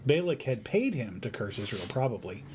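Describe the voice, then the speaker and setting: A man retelling a Bible story to his son in a family devotion, in a lively, conversational way. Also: medium pitch, a little fast, slight background noise. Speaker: father teaching his son.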